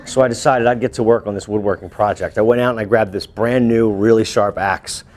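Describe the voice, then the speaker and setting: A male teacher telling a lively personal story to his students, breaking into shouts and laughter. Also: lowish voice, fairly quick, slight background noise. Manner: animated, bursts into shouts and laughs while telling. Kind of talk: storytelling to a class.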